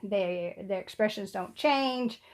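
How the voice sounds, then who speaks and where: A woman's voice: mid-range voice, slow. A middle-aged woman, chatting casually to camera at home, her voice a little weak and short of breath, rambling with fillers and small laughs. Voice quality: slightly weak voice. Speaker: doll collector vlogger. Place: room at home.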